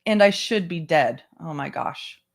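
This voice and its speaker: A book club host reads a memoir aloud to an online group, keeping a measured, even delivery in a mid-range voice. Short asides to the listeners break in now and then between passages. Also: mid-range voice, gravelly. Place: home setup, online stream.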